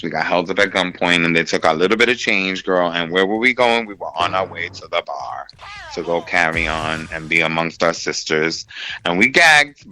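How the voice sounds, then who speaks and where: A man's voice: low voice, low-quality recording. Campy New man telling stories. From New York City. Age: middle-aged. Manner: campy and animated, with lots of "honey" and "darling". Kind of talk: casual chat.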